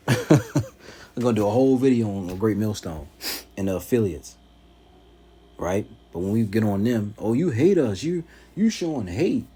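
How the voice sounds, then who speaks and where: A man's voice: fairly low pitch, warm tone, breathy edge. A man preaching at home, teaching from scripture and answering critics in an emphatic, mocking way.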